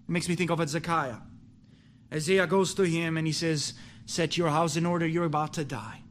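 A man preaching a sermon with passion, rising to loud pleading and dropping to low, quiet stretches, often restarting his words. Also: fairly even intonation, moderate pace. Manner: impassioned, swings from pleading loud to low and hushed.

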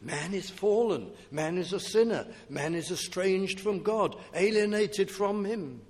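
Man, preacher, sermon, slightly high voice, earnest rhetorical questions, long hall reverb. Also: unhurried, darkish tone. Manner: earnest, rhetorical questions, swells and drops in volume.

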